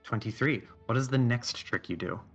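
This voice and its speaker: Bright-voiced male game master. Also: mid-range voice, highs cut off, faint music behind. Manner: relaxed, halting narration with many restarts. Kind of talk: narrating a tabletop horror game.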